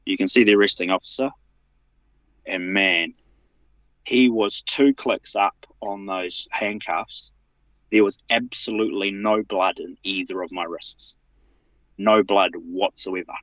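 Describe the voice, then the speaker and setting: A man, telling a personal account as a show guest in an emphatic, halting way, often restarting his sentences. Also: steady tone, fairly bright tone, no room sound, dull audio. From New Zealand. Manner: emphatic, halting with restarts, rising in pitch when retelling his protests.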